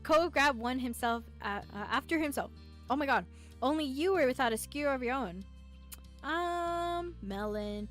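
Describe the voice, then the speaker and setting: A woman's voice: high-pitched, fairly bright tone. A woman streamer reading a visual novel aloud, playful and giggly, talking back to the characters. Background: faint game music.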